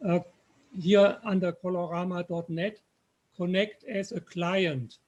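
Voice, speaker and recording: A man with a German accent, patiently explaining software step by step on a video call. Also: high-pitched, steady tone, unhurried. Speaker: software presenter. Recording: dull lo-fi call audio.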